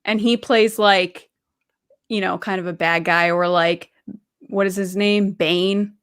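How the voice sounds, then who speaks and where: A woman in casual chat, telling lively anecdotes and acting out the quoted lines. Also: mid-range voice, a little slow, smooth, no room sound, clean studio sound.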